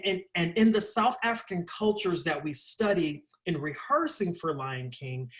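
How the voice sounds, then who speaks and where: A young man with a higher-than-usual voice talks through his answers in a relaxed interview. He rambles, circles back and fills pauses as he goes, with an animated, conversational flow. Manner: animated, rambling, lots of fillers like "like". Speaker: interview guest, stage performer.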